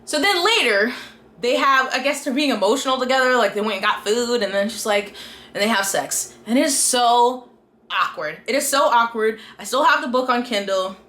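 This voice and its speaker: A woman's voice: a little high, moderate pace, a bit bright, roomy sound. A woman giving an exasperated, casual book review rant and acting out the characters' lines along the way.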